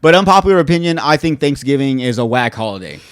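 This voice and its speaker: Animated ranting podcast host man. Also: mid-range voice, fast talker, clean tone, dry recording, studio quality. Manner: animated, ranting, swears freely. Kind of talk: casual podcast chat. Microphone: studio podcast mic.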